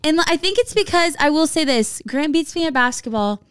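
A woman's voice: high voice, expressive, a little fast, no room sound. A woman in her twenties, a guest in a casual podcast chat, telling stories in a sheepish, self-deprecating way.

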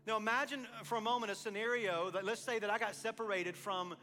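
High, bright-voiced pastor preaching. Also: male voice, a little fast, in a large hall, soft background music. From East Texas. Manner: animated storytelling, acting out both sides of dialogues, then quiet earnest appeal. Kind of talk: sermon.

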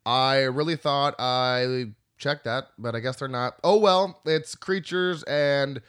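A man's voice: mid-range voice, slow pace, fairly bright tone, clean tone. A young man hosting a podcast, chatting casually, joking and rambling as he corrects himself. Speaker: podcast host.

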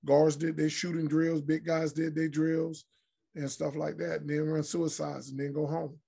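In a casual interview, a middle-aged former pro basketball player swaps crude, blunt, lively stories as a podcast guest. His voice sits fairly high, husky with vocal fry, and moves at a normal speed.

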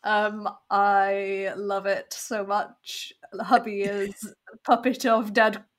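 A woman in casual chat about a TV episode, measured and hesitant, with many ums and frequent laughs. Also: medium pitch, little pitch movement.

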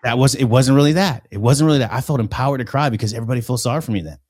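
A man's voice: mid-range voice, rapid-fire, darkish tone, husky, no echo, clean studio sound. A man on a casual podcast, telling long rambling stories full of profanity.

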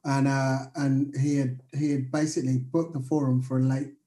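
Brief: male host, warm mellow tone, enthusiastic and chatty, roomy sound. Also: medium pitch, level tone, normal speed. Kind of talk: casual chat.

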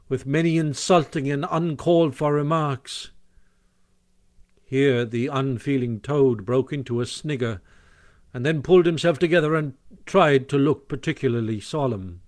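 A man reading a classic storybook aloud as narrator, expressive and animated, on a close microphone. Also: on the high side, no room sound. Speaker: audiobook narrator.

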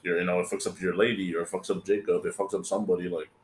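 The voice sits low and level, delivered rapid-fire over reverberation and a noisy background. It's a California podcast host in rambling, swear-heavy chat who acts out quotes from his friends.

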